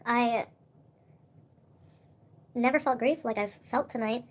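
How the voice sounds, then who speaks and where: A woman's voice: a little high, takes it slowly. A young woman chatting on a livestream, giggly and rambling as she eats. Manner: giggly, rambling, talks while eating. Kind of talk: casual livestream chat.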